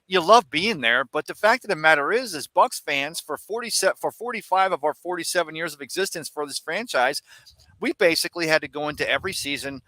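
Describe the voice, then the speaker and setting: A man hosting a casual sports talk show. His voice is bright and tilts a little high. He talks in an animated, emphatic way and circles back on his points, and the sound is close and dry. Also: a little fast, no echo, low-quality recording. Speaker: sports radio host.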